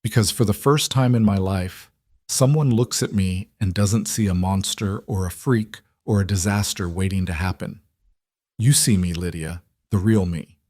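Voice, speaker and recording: A man voicing a huge, gentle cowboy who is frightened for the woman he loves, speaking roughly and from the heart, in a storybook reading. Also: sits low, moderate pace, no echo, studio quality. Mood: heartfelt.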